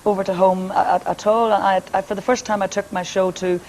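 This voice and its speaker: A woman's voice: medium pitch, little pitch movement, a little fast, a little mellow, slight background noise, low-quality recording. A woman with a Northern Irish accent and a powerful speaking voice, chatting and joking as a guest on a TV interview. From Northern Ireland. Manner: brassy, joking, laughs often. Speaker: singer and entertainer guest.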